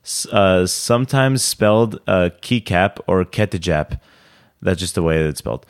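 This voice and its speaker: A man's voice: low-pitched, animated, a little slow, clear, resonant tone. A young man co-hosting a podcast, chatting in a rambling, enthusiastic way with many fillers. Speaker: podcast co-host. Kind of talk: casual chat.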